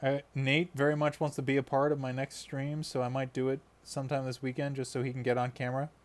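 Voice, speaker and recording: Guy chatting away on his stream while painting minis, laughs a lot, normal mid pitch. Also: monotone, fast talker. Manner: chatty and rambling, laughs often. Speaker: live streamer painting miniatures. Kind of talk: casual live-stream chat while painting.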